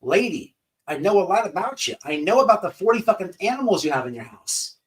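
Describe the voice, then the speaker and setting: Ranting male commentary host, profane and confrontational, a bit high-pitched, slightly distant mic. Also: very animated, a little fast.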